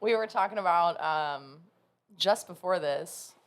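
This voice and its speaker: A woman's voice: on the low side, measured pace. A woman from the Southern United States co-hosting a podcast, giggly and teasing in casual chat. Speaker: podcast co-host.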